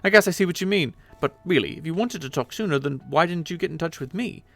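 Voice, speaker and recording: A man's voice: on the high side, lively intonation, fast talker, creaky, fairly bright tone, no room sound, faint music behind, full character voice. A man voicing a clueless young male adventurer who rambles in a folksy, self-absorbed way, in a webcomic read aloud with voices. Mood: apologetic.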